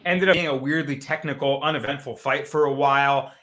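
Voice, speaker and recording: A man's voice: mid-range voice, steady tone, brisk, a bit bright. A man hosting a sports betting podcast, upbeat as he brings in his co-hosts and asks them questions. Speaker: podcast host.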